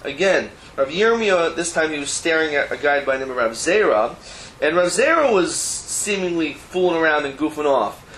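A man gives a Talmud lesson in a somewhat high voice. He explains the text line by line, slipping Hebrew terms in among casual everyday asides. The room is echoey and there is a faint hum of noise behind him. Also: expressive, moderate pace, a bit bright. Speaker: Torah teacher. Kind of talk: Talmud class lecture. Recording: roomy echo, faint background noise.

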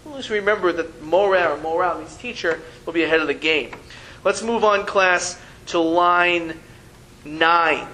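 Male language teacher, higher voice, slow and patient classroom delivery, playful. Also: bright, forceful tone, rough recording. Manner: patient, repeats syllables slowly for students, playful teasing. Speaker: Hebrew teacher. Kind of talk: classroom reading lesson.

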